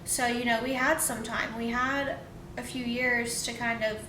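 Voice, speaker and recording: Young woman telling her story, echoey room. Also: level tone. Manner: rambling, quick and emotional, with many fillers. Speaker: vlogger. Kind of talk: casual personal storytelling. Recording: roomy echo, faint rumble.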